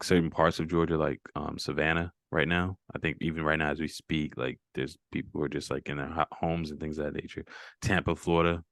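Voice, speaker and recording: Guy with a real low voice, fitness coach chatting on a call, lots of mm-hmms, dry sound. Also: no echo. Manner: encouraging, lots of "mm-hmm" affirmations. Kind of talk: casual video call check-in.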